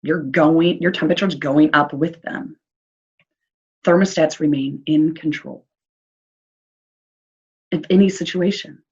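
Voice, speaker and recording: Midwestern woman, social worker presenting to parents; low husky voice, encouraging and chatty, muffled lo-fi sound. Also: steady tone, a little slow, pauses often, darkish tone. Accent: Midwestern American. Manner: upbeat, encouraging, chatty with fillers. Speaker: early childhood social worker. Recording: dull lo-fi recording.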